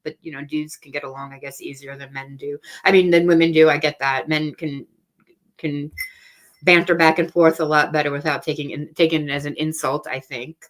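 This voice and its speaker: A woman's voice: low voice, steady tone, brisk. A woman hosting a casual livestream chat from home, talking freely, laughing often and trailing off mid-thought. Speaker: livestream host.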